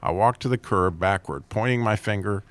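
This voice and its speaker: A man with a low voice reads a string of jokes and funny stories, chuckling at his own punchlines. He jumps up in pitch whenever he quotes a character. The sound is dry and close, with little room around it. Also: moderate pace, a bit bright, no room sound. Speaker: host.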